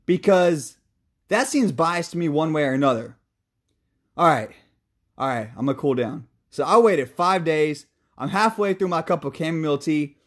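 A young man with a higher, animated, somewhat bright voice hosts a casual sports talk show at normal speed. As a sports podcast host, he rants heatedly about football, swears freely, then talks himself back down.

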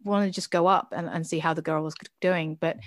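A woman's voice: on the low side, fairly even intonation, fairly quick, no room sound, clean studio sound. Earnest woman telling personal stories. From Chinese heritage. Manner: earnest, reflective, many fillers and restarts. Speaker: interview guest, business founder. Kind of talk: candid personal interview.

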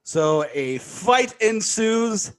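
A high-pitched man talks through a movie's plot in a casual podcast chat. His delivery is animated and wry, with laughs slipping in and sarcastic asides. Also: drawn-out words. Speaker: podcast co-host.

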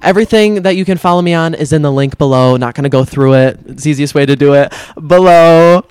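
Young male podcast host, cheerful and chatty, slightly raised pitch, dry sound. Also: steady tone, fast talker, a little mellow, smooth, no room sound. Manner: upbeat, laughing sign-off. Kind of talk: casual podcast chat.

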